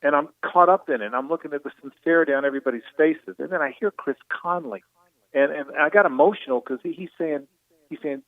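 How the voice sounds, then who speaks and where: A middle-aged man from Jacksonville speaks earnestly and with feeling, doubling back on his words as a broadcaster calling in. His voice sits in a middle pitch and comes through a thin, phone-like line with no room sound. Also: brisk, no echo. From Jacksonville, Florida. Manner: earnest, emotional, repeats words. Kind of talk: reflective on-air talk. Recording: tinny phone line, dry.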